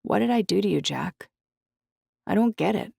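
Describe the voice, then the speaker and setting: Brief: woman narrator putting on a defensive, quick-tempered teen girl from a storybook, pitched well up, dry close sound. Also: expressive, gravelly, warm tone, slightly rough, dry recording, exaggerated voice. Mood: pleading. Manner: defensive, pleading. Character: scorched-voiced teenage girl, quick-tempered.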